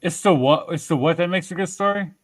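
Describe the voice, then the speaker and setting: A man chatting as a guest on a livestream, playful and animated. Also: fairly high pitch, quick pace, no echo. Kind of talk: casual livestream chat.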